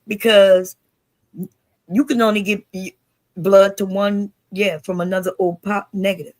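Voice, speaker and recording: A woman hosting a casual livestream chat, frank and argumentative, warm in her goodbyes. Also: medium pitch, flat delivery, a little slow, no room sound. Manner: frank, argumentative, affectionate sign-offs. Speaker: livestream host.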